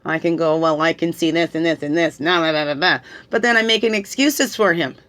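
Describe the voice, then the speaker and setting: A woman's voice: low voice, brisk, a bit bright. Tearful woman giving spiritual guidance. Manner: repeats "right?" often, coaxing questions. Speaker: spiritual tarot reader. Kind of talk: reflective spiritual guidance talk.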